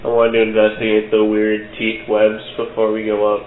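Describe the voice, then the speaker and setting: A man playing a tabletop game, talking through rules and dice totals in a brisk, casual way. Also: fairly low pitch, completely flat delivery, a little hiss or hum. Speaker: player. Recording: tinny, echoey online call.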